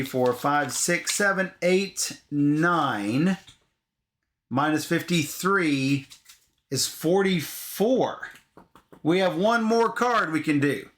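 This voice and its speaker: A man co-hosting a casual board game playthrough, animated and chatty, reading cards aloud. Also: a little high, slow, a little hiss or hum. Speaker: co-host of board game videos.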